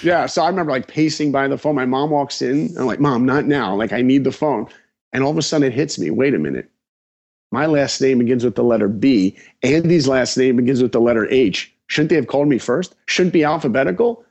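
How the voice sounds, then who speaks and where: A man in his forties from New York, a podcast guest telling his story in an animated, emphatic way. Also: medium pitch, fairly quick, gravelly, lo-fi sound. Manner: acts out dialogue, emphatic.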